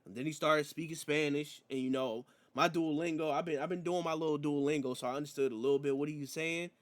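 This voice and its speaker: A man's voice: fairly high pitch, fast talker. A man reviewing a wrestling show in a slangy, rambling, casual chat. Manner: slangy, rambling, animated storytelling.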